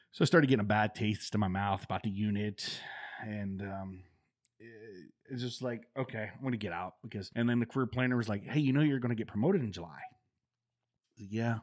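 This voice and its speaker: A middle-aged ex-Marine with a lowish, breathy-edged voice tells casual stories at a moderate pace. He stays animated, laughs often and acts out the quoted voices of the people in his stories.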